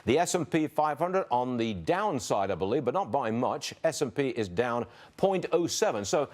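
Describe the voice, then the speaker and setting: Brisk male business news anchor. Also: mid-range voice, sing-song, a little mellow. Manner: brisk, conversational, quips between figures. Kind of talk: live market commentary.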